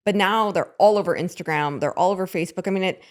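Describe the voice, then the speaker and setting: A woman co-hosting a casual podcast, chatty and animated, acting out little quotes as she talks. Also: fairly low pitch, fast talker. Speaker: podcast co-host.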